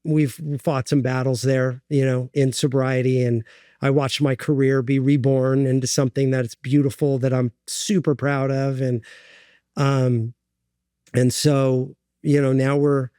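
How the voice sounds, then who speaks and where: A middle-aged man speaking as an interview guest in a dry, close room, earnest and halting, with frequent ums and restarts. His voice sits at an ordinary pitch, and the story comes out in short broken phrases. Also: little pitch movement, dark tone, clear, resonant tone, no room sound. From United States.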